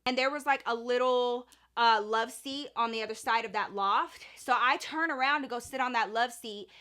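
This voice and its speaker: A young woman tells a story for her vlog. She is animated and a bit dramatic, with casual swearing. Her voice is bright and sits a little high. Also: moderate pace. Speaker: vlogger.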